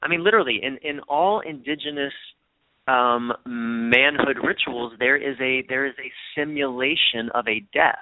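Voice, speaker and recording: A man's voice: mid-range voice, moderate pace, no echo. A man, a guest author and coach, talking earnestly in an interview and often restarting his words. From United States. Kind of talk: reflective interview talk. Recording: dry, phone-like narrow sound.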